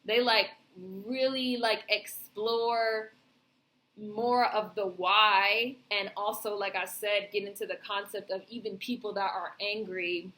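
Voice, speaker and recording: A woman's voice: medium pitch, steady tone, takes it slowly, pushed and bright. A woman vlogger giving a casual, rambling film review, heavy on fillers and swearing.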